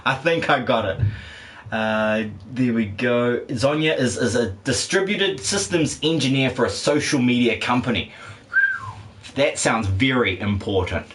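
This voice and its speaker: A man streams a video game and reads chat, chatting casually with viewers as he rambles, jokes, swears and laughs often. His mid-range voice is unhurried and fairly bright with lively intonation, over slight background noise.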